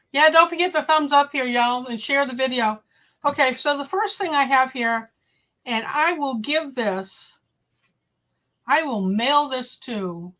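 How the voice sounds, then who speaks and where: Chatty woman, livestream host, slightly high voice, friendly direct address to viewers. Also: fairly bright tone. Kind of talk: casual live-stream chat.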